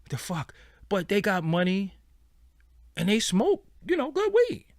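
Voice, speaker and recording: A man with a slightly high voice holds forth in a casual, profane commentary monologue. His pitch swings widely as he tells it, and the recording is dry and close. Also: a little slow, no echo. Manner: blunt, profane, animated storytelling. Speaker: show host.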